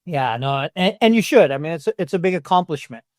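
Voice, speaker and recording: Animated male podcast host. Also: fairly high pitch, fairly quick, no echo, studio quality. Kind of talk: conversational interview.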